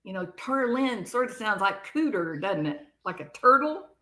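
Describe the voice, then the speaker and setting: A woman giving casual true crime commentary, sarcastic and animated, acting out what others said. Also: mid-range voice, moderate pace. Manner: animated, sarcastic, acts out quoted people.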